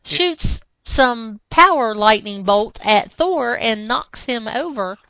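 A woman's voice: on the high side, slow pace, no room sound, poor audio. A woman co-hosting a podcast, animatedly retelling a comic book story in casual talk. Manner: animated retelling, slips into character voices. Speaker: podcast co-host.

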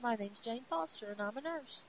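A woman playing a dazed young nurse who speaks softly and hesitantly in a highish voice. The recording is slightly dull, with a faint hiss. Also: expressive, moderate pace. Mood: dreamy. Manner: hesitant and soft.

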